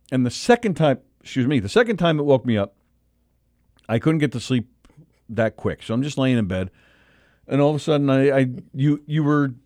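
A man's voice: medium pitch, darkish tone, no room sound, studio quality. A man co-hosting a comedy radio show, telling a rambling story in casual banter with lots of restarts. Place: radio studio.

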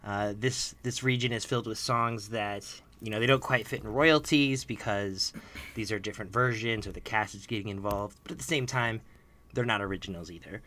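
A man's voice: on the low side, fairly quick, pushed and bright. A man hosting a casual podcast, chatty and self-deprecating, often restarting his sentences. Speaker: podcast host running a song bracket.

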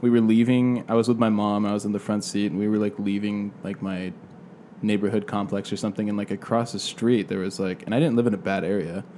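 Low-voiced man telling a story. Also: fast, slight background noise. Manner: relaxed, rambling, swears casually. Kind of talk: casual chat.

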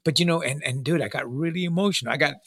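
A middle-aged man with a fairly high, gravelly voice and a bright, edgy tone. He rambles through stories in casual host chat, stacking fillers and calling his listener "dude" and "bro". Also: very fast, dry recording, studio quality. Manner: filler-heavy, restarts, slangy "dude" and "bro". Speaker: podcast host in recovery.

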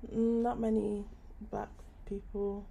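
Relaxed woman co-host, average pitch, easy storytelling in casual chat. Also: slow, gravelly, slightly rough. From Italy and Ireland. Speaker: podcast co-host.

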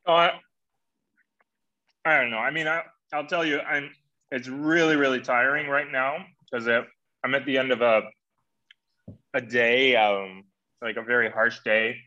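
A male podcast co-host teasing his partner in dry, casual banter. His voice is bright and forward. The mic sounds somewhat dull and lo-fi. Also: medium pitch, steady tone, unhurried, long pauses.

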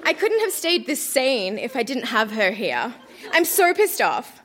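High, animated woman reading her old diary. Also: unhurried. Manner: melodramatic, laughing through the reading. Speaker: reader of her childhood diary. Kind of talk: live reading to a theatre audience. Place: theatre stage.

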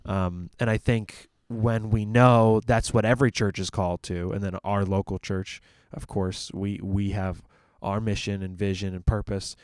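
A man's voice: lowish voice, level tone, normal speed, hardly any pauses, a little mellow, smooth, dry recording, studio quality. A man who ministers at a church, talking through ideas about the church's purpose in a casual discussion, thinking aloud with fillers and restarts.

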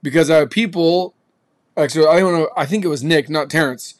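A man's voice: a little high, a little fast. A man hosting a podcast, giving an emphatic, slangy motivational talk. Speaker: podcast host.

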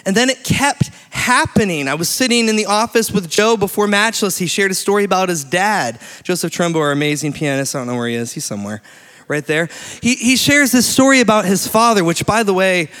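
A man in his late thirties preaches to a church, slipping into stories and laughing along the way. His voice sits a little higher than most men's. Long reverb from the hall trails each phrase. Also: fairly quick. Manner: animated storytelling, laughs often. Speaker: pastor. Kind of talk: sermon.

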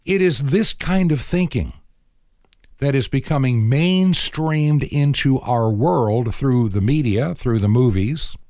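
This middle-aged radio host talks slowly in a medium-pitched, darkish voice, earnestly moralizing through a talk-show monologue and performing little bits of quoted conversation. The recording is studio quality with no echo.

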